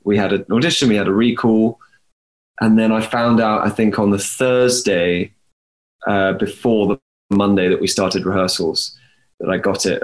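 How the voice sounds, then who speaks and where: Rambling young man, roomy echo. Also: on the low side. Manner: rambling, self-correcting. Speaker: actor, interview guest. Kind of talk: conversational interview.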